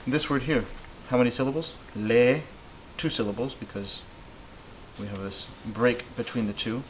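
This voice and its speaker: A man's voice: mid-range voice, steady tone, normal speed, a little hiss or hum, poor audio. A man teaching a lesson at a whiteboard, explaining step by step in a patient way and stopping to correct himself. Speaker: Spanish teacher.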